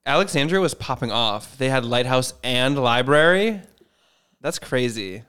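A man's voice: mid-range voice, lively intonation, measured pace, a bit bright, clean tone. A man co-hosting a podcast in casual chat, jokey and laughing often, trailing off mid-sentence. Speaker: podcast co-host.

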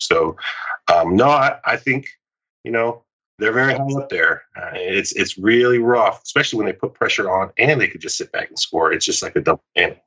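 A man as a podcast guest in relaxed casual chat, acting out small quoted exchanges. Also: deep voice, fast, slightly rough. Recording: dull lo-fi audio.

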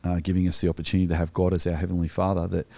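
A man's voice: deep voice, completely flat delivery, rapid-fire, gravelly, mellow, no room sound. A middle-aged Australian man co-hosting a podcast, talking in an earnest, reflective way with frequent hesitations. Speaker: podcast co-host. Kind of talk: casual podcast discussion.

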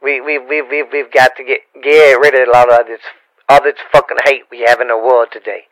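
A man's voice: medium pitch, level tone, a little fast, fairly bright tone, no room sound, low-quality recording. A man from Louisiana with a Cajun accent, chatting as a podcast guest in a rambling, stammering way with playful rhymes. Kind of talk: casual podcast banter.

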